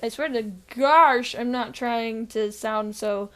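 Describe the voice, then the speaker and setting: A woman co-hosting a casual podcast chat, tired and deadpan after being sick, rambling with fillers. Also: on the high side, slow pace, smooth. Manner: rambling with frequent fillers and laughs. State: recovering from illness. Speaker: podcast co-host.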